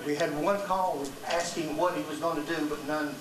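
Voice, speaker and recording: Quiet, hesitant man answering off-mic. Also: on the high side, steady tone, moderate pace, a crowd in the background. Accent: Southern American. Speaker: staff member answering questions. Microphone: away from the microphone. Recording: echoey, noisy room from off-mic.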